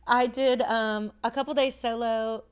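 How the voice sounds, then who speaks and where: A woman's voice: a little high, fairly even intonation, measured pace, smooth. Young woman cohost, playful and self-mocking, casual travel chat. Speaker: podcast co-host.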